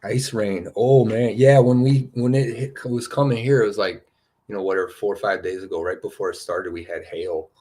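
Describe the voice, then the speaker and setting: A man hosting a spiritual card-reading show, talking in a loose, rambling way that is full of "you know" and "right?", and getting excited as he goes. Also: lowish voice, moderate pace. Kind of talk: rambling casual chat.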